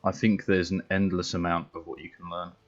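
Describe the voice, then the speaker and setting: British male streamer, very low voice, blunt and sweary, dull lo-fi mic sound. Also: flat delivery, a little fast. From Britain. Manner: blunt, sweary, laughs often. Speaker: game streamer. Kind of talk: casual chat while gaming.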